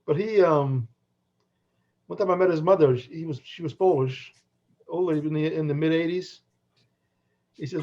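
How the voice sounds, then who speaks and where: A man's voice: on the high side, normal speed, pauses often, a little mellow. A middle-aged man co-hosting a podcast, telling rambling anecdotes full of restarts and laughs. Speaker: podcast co-host. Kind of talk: casual chat, storytelling. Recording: dull lo-fi sound.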